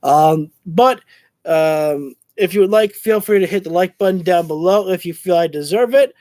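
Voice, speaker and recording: Male streamer, very high voice, dry close sound; excitable, rambling play-by-play with shouted outbursts. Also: moderate pace, no room sound. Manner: excitable, shouts reactions and curses at the action; rambling, stumbles over words. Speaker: streamer commentating a wrestling show. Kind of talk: live watch-along play-by-play commentary.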